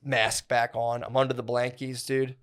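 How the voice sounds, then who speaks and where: A man's voice: mid-range voice, flat delivery, normal speed, fairly bright tone, clear, resonant tone. Rambling, profane podcast storyteller man. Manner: loose, profane, fills every phrase with "like" and "dude". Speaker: comedy podcast co-host.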